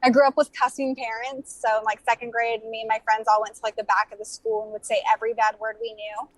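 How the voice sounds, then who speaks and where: A woman's voice: fairly high pitch, level tone, fast, dry recording, poor audio. A woman in her thirties, a podcast guest chatting casually, laughing and filling her talk with "like". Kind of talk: casual chat.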